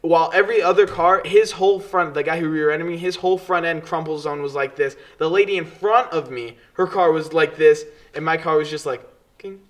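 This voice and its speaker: A young man co-hosting a casual podcast, spinning stories with plenty of energy. He swears freely and keeps slipping into impressions of the people he describes. His voice sits a bit higher than most men's. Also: a little fast, hardly any pauses. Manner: animated storytelling, swears freely, mimics people. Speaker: podcast co-host. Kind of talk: casual chat.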